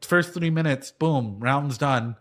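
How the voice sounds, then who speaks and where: A man's voice: medium pitch, slow, a bit bright. A man in his thirties chatting casually as a reaction streamer and martial arts coach, rambling through a long story full of "dude" and "right?" and the odd swear word. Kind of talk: casual chat reacting to anime.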